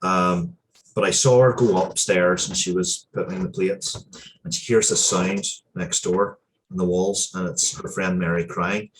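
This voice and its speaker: Male interview guest, low voice, sincere and emotional storyteller with a halting delivery. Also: fairly even intonation, a little hiss or hum. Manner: earnest, heartfelt, with frequent hesitations and restarts. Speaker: interview guest, comic book writer.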